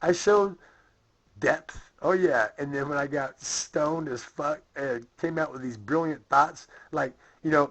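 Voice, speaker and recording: A man's voice: a little high, a little slow, fairly bright tone, dull audio. A man ranting bitterly into his camera, profane and rambling, full of fillers and restarts. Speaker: vlogger. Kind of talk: profane angry rant to camera.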